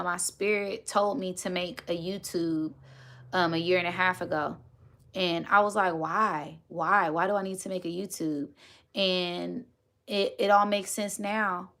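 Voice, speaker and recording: Woman host, bright, forceful voice, chatty livestream talk. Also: lowish voice. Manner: chatty, thanks viewers often, says y'all. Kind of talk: casual livestream chat to viewers.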